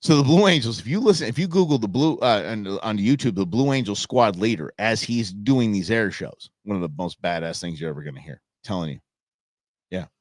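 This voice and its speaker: Animated, lively-voiced male livestream host. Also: fairly low pitch, a little fast, dry recording, studio quality. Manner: animated, laughs often, swears casually. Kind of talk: casual live chat reading viewer comments.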